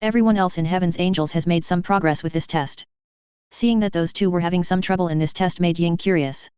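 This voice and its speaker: A steady audiobook narrator reading a fantasy story in an even way. The voice is very smooth and sits at a middle pitch. The recording is dry and a little muffled. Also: brisk, no echo.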